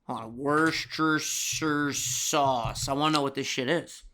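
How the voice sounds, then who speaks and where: A man's voice: mid-range voice, quick pace, fairly bright tone, a little hiss or hum. A young man co-hosting a podcast, chatting casually and animatedly, swearing and doing mock deli-counter voices. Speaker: podcast co-host. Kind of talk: casual chat.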